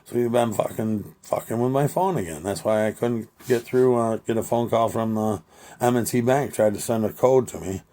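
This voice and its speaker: A man's voice: medium pitch, normal speed, warm tone. A man rambling in a profane monologue, talking back and forth with imagined voices. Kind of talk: rambling monologue voicing both sides of an imagined conversation.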